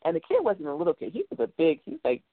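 A woman talk-show host speaks in an earnest, rambling way, full of fillers. Her voice sits low. It comes through a tinny, phone-like line with a dry, close sound. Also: huge pitch swings, quick pace, no echo. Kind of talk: casual call-in radio talk.

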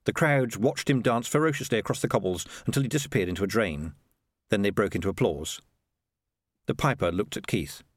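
A man narrating an audiobook in a lively, expressive storytelling manner on a close studio mic. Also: lowish voice, brisk, no room sound. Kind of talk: scripted narration.

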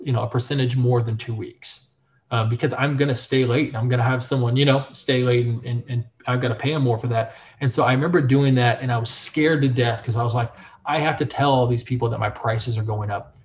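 A young adult man, a print shop owner, telling his story in a casual interview, animated and full of filler phrases. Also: medium pitch, fairly quick. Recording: dull lo-fi sound.

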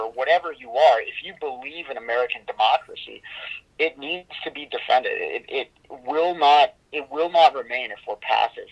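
Man, interview guest, halting speech, lots of fillers, medium pitch, dull lo-fi sound. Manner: halting, many fillers and restarts. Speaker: interview guest, organization founder. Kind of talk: conversational interview.

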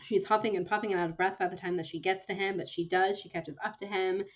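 Gushing woman podcast host, lo-fi sound. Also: medium pitch. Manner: excited, gushing, quick retelling with laughter. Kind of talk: casual chat, gushing book recap.

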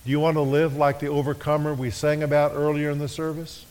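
A man preaching a sermon, leading his congregation in call-and-response and slowing to a hush on key phrases. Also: fairly high pitch, little pitch movement, clean tone. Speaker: pastor. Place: church sanctuary. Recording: echoey worship hall.

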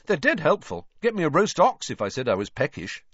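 A cheeky teen prankster boy, teasing and jokey, lively pitch, audiobook, dry. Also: a little fast, breathy edge, no room sound, exaggerated voice. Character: mischievous teenage prankster twin boy. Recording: dry, slightly dull studio recording.

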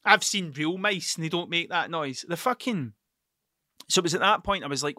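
Hosting a podcast, a man with a slightly high, pushed, bright voice tells rambling stories in casual chat at a moderate pace. He swears constantly and restarts sentences as he digresses. The recording is dry and clean, studio-grade.

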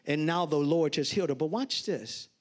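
High-voiced storytelling preacher man. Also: moderate pace. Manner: storytelling preacher, loud animated exclamations. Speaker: pastor. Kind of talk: sermon.

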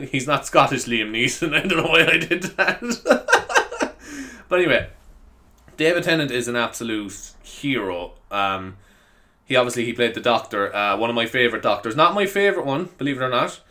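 A young man talks on his own podcast in a loose, rambling way. His voice is bright and sits in a middle pitch. He laughs often and swears casually. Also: big pitch swings, moderate pace. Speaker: podcast host. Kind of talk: casual solo podcast chat.

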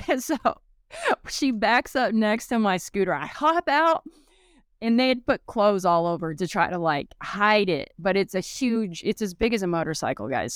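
A woman hosting a personal podcast, telling a story in a lively way and acting out what each person said. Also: mid-range voice, no room sound, clean studio sound. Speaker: podcast host.

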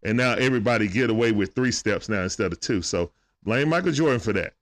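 A man's voice: on the low side, quick pace. A man giving casual play-by-play of a basketball game on a live stream, greeting viewers in chat and talking aside to his son. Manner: animated, greets chat viewers between plays.

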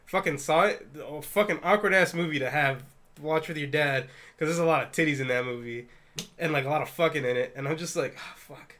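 A man's voice: a little high, a little fast, fairly bright tone. A man in his twenties, co-hosting a casual chat. He tells stories with lots of swearing and laughter. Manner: profane, storytelling, laughs often. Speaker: podcast co-host.

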